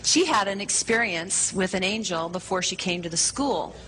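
A woman's voice: mid-range voice, expressive, moderate pace, a bit bright, a little hiss or hum, low-quality recording. A woman preaching, telling a story to a congregation in an enthusiastic, breezy manner. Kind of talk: sermon storytelling.

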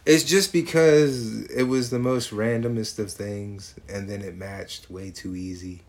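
A man's voice: lowish voice, steady tone, measured pace, darkish tone. A man in casual chat, laughing often and swearing as he rambles.

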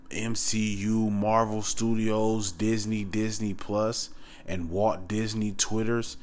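A man with a fairly low-pitched voice rants in a monologue, fed up and insistent. He circles back to the same phrases again and again, with swearing thrown in, and sometimes sinks to a low whisper. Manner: heated and repetitive, hammering the same phrases, swearing. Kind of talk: ranting monologue to camera.

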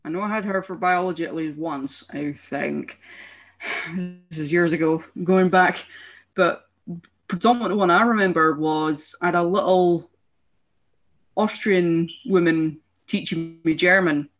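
A woman's voice: on the low side, a little slow. Chatty woman telling school stories. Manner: laughing often while telling stories. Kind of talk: casual chat.

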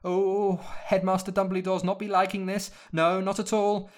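A man's voice: high-pitched, completely flat delivery, moderate pace, voice pushed up, lightly acted. A man voicing a small, timid female house elf who talks frantically and refers to herself by name. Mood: distressed.

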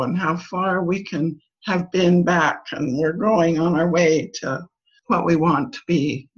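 A husky-voiced older woman gives a church talk, weaving in family stories. She tells them with life and raises her voice for the children's lines. The recording sounds dull and lo-fi. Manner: lively storyteller, voices children's lines higher. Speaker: church speaker.

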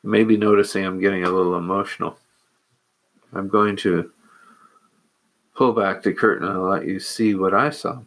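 A man, a monk, telling a personal story in a measured, earnest way with hesitant pauses. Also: deep voice, fairly even intonation, a bit bright.

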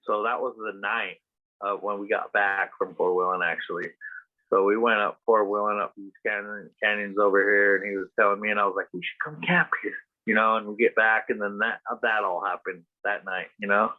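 A man's voice: lowish voice, flat delivery, a little fast. A man telling a rambling story casually as a podcast host, full of fillers and swearing. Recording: tinny phone-like sound.

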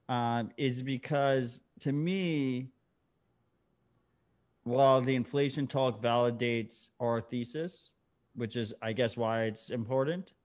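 Blunt teasing male co-host. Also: mid-range voice. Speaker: podcast co-host. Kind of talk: casual chat.

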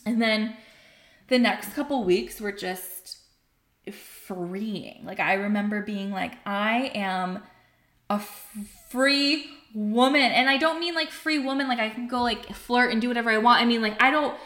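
A young woman telling a personal story in casual chat, candid and animated, swearing and filling her talk with "like". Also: a little high, measured pace, roomy sound. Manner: candid, animated, swears freely, many fillers.

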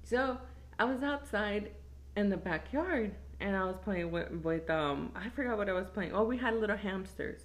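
A woman telling a funny story in a casual chat, animated, laughing often and swearing freely. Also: medium pitch, moderate pace.

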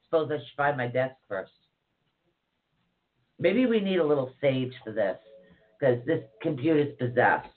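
A woman's voice: a bass voice, expressive, unhurried, pauses often. Chatty woman co-host on tinny audio. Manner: chatty, rambling, joking. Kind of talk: casual livestream chat.

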